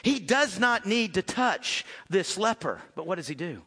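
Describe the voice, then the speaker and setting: A man preaching a sermon as pastor, conversational, swinging between loud emphasis and hushed asides. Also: sits high, sing-song, unhurried, husky, in a large hall.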